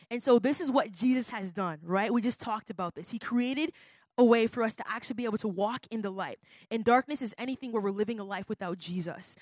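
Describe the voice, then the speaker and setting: Woman youth pastor, kinda high voice, peppy, gets the kids to repeat after her, dry close sound. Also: dry recording. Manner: upbeat, leads the crowd in call-and-response. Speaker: youth pastor leading a student workshop. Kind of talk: youth conference teaching.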